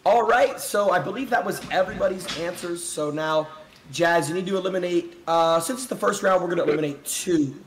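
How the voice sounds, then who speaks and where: Chill guy hosting a dating game on stream, kinda higher voice. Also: fairly quick, a crowd in the background. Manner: easygoing, steering the contestants.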